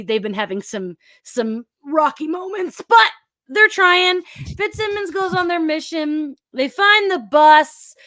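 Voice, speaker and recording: A woman's voice: a little high, fairly bright tone, no echo, clean studio sound. A woman co-hosting a podcast, chatting casually and enthusiastically about a TV episode and laughing often. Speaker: podcast co-host. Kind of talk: casual chat recapping a TV episode. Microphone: remote call mic.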